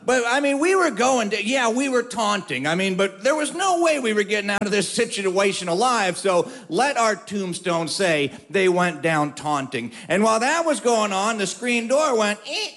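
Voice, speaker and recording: A man telling a funny story to an audience, with wry, drawn-out comic timing. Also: high voice, a bit bright.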